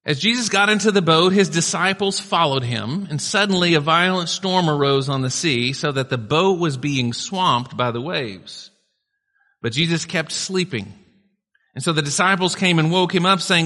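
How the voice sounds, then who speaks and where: A man's voice: on the high side, animated, moderate pace, pushed and bright. Man preaching a sermon in a reverberant hall. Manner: conversational preaching with asides. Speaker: pastor.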